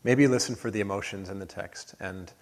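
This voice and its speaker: A man preaching a sermon as pastor, earnest, building to emphatic peaks and then dropping soft. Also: fairly low pitch, a little fast. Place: church sanctuary.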